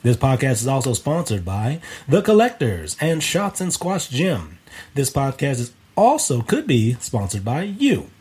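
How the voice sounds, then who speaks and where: Podcast host guy, kinda husky voice, lively pitch, laid back intro read. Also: measured pace. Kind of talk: scripted show intro and casual chat.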